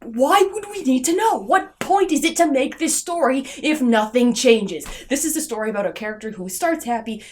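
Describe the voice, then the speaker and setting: A young woman vlogging a sarcastic, exasperated film review. Her voice sits a little high and jumps around a lot, from loud disbelieving outbursts down to grumbling asides. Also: expressive, normal speed, few pauses.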